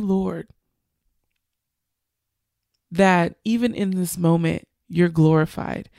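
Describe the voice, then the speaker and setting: A woman's voice: lowish voice, vocal fry, warm tone, no echo, clean studio sound. A young woman, a bride-to-be, chatting to her viewers in an emotional, gushing storytelling style. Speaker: bride-to-be vlogger.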